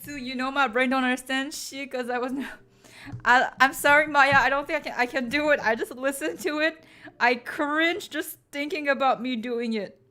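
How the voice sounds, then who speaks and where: A woman's voice: high-pitched, fairly even intonation, normal speed, bright, forceful tone, faint music behind. A woman chatting casually on a stream, pleading and groaning with exaggerated drama to her viewers. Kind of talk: casual live-stream chat.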